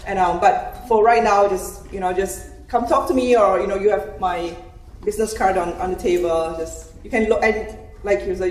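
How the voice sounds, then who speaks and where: A woman's voice: mid-range voice, moderate pace, a little mellow. A woman who makes fresh pasta talks hesitantly at a community event, with many fillers, restarts and little laughs. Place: event room. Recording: echoey room from far off, faint noise.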